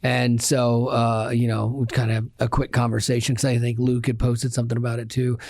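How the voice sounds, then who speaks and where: A man's voice: medium pitch, monotone, brisk, creaky, a little mellow, no room sound, clean studio sound. Chatty middle-aged male radio host. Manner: jokey, playful, chatty. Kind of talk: casual chat.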